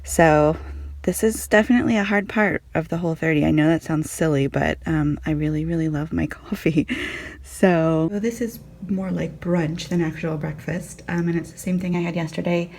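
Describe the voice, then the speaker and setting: Chatty low-voiced woman vlogger. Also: fairly even intonation, normal speed, gravelly, darkish tone. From California. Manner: chatty, self-deprecating, many ums and likes. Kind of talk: casual food diary vlog.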